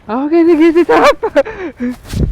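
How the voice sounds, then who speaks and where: Male fishing vlogger, high voice, slow, excitable shouting. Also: no echo. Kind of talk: live fishing commentary.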